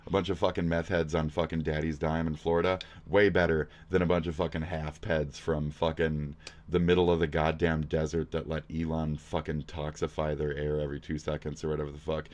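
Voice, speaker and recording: A man's voice: a bass voice, flat delivery, brisk. A man, a streamer reacting to a video, ranting crudely and angrily with constant swearing. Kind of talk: profane rant.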